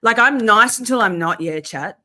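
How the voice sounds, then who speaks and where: Woman streamer, mid pitch, profane heated rant, casual chat delivery. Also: lively intonation, normal speed, sharp tone. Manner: profane, fired-up ranting. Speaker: livestream host.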